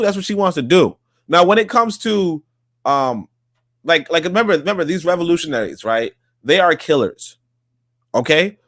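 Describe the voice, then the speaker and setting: A man's voice: a little high, dry recording. Rambling man with a dry close sound. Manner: rambling, repeats phrases, swears. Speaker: podcast guest. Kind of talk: casual debate talk.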